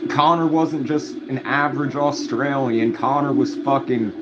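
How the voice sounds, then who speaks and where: A man's voice: medium pitch, a little slow. A man hosting a late-night livestream, rambling and swearing through stories in casual chat. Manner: rambling, heavy swearing, storytelling. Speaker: livestream host. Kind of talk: casual chat to a live audience. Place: home room at night. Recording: dull audio with audible background noise.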